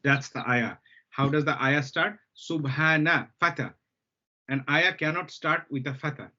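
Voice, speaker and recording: A man's voice: on the high side, normal speed, sharp tone. A man teaching an Arabic lesson to students, explaining patiently, repeating key terms and often checking that they follow. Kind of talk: live language lesson. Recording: dull lo-fi sound.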